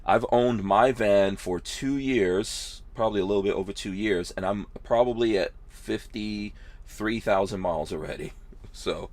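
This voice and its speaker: Low-voiced man hosting a van podcast. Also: a little slow, a little mellow, no echo. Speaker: podcast host. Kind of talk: casual podcast interview.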